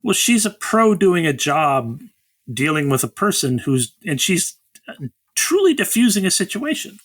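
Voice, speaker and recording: Male co-host, relaxed plot recap, slightly higher voice, bright tone. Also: measured pace. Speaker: podcast co-host. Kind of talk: casual movie review chat.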